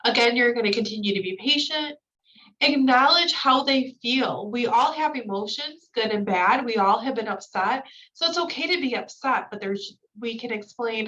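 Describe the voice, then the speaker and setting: A woman's voice: on the high side, sharp tone. A woman giving a recorded staff training lecture, reading points from slides and then explaining them in casual, filler-laden asides. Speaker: new-hire trainer. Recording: distant mic, dull lo-fi sound.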